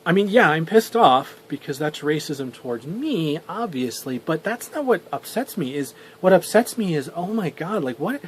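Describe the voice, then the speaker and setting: A man's voice: on the high side, very animated, normal speed, few pauses, slight background noise. A young man telling a story for a vlog. He rambles, swears and restarts his sentences often. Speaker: vlogger.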